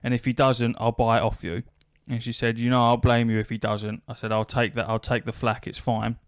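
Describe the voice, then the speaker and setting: A podcast host spins a casual anecdote, cursing freely as he acts out both sides of a conversation. His voice sits at an ordinary middle pitch for a man. The sound is dry and close, with no room around it. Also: flat delivery, fairly quick, no room sound. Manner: swears freely, relays a story with quoted back-and-forth dialogue. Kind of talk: casual storytelling chat.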